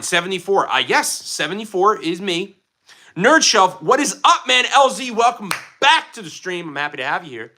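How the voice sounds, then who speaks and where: A man in his twenties with a light Philadelphia accent, hosting a casual livestream and chatting with viewers in an excitable, jokey way. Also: high voice. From Philadelphia, USA. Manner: excitable, animated, jokey, drops into playful voices. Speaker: livestream host. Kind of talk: casual live chat reading viewer comments.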